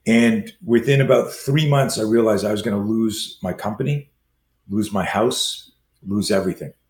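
Man in his sixties, low voice, animated storyteller, roomy echo, faint background ambience. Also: a little hiss or hum. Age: 60s. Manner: acts out quoted dialogue, fast lively delivery. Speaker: self-defense trainer and guest.

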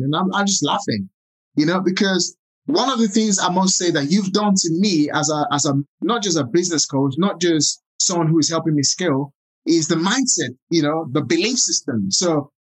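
A man's voice: fairly high pitch, animated, fairly quick, breathy edge, low-quality recording. A man with a Nigerian accent interviewing a guest, effusive and grateful, talking in long run-on sentences full of fillers. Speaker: interviewer, business owner. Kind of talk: casual interview.

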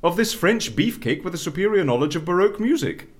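An actor playing a dry, sardonic male agent of a secret agency in an audio drama, brisk and teasing. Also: sits high, big pitch swings. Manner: brisk and teasing, rattles off rapid questions.

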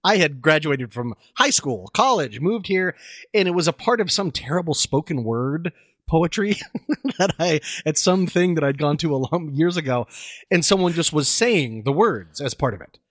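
Man, forties, podcast co-host, laughing storyteller, fairly high voice, dead dry mic. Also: animated, moderate pace, a bit bright, dry recording. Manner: laughs often, self-deprecating storytelling. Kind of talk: casual podcast chat.

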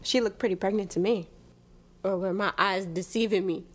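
An actress playing a sharp-tongued woman in a TV drama, confronting her boyfriend with sarcastic accusations. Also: mid-range voice, fairly even intonation, moderate pace, slight background noise, close to an everyday voice. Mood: accusing. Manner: cutting, sarcastic. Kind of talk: TV drama dialogue.

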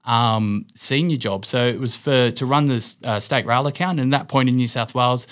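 A middle-aged Australian man chats through his career as a guest, rambling and full of restarts, his voice sitting at an ordinary middle pitch. He laughs a little as he spins his stories, loose and unpolished. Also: fairly even intonation, normal speed, a bit bright. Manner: rambling, lots of fillers and restarts, laughs while telling stories. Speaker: guest, business owner. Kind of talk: casual interview storytelling.

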